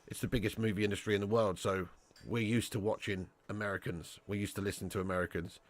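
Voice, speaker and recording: A man's voice: on the low side, steady tone, quick pace. Chatty British man on a live stream. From Britain. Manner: chatty, laughs often, calls viewers mate and lad. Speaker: football watch-along streamer. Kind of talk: live stream chat, reading viewer comments.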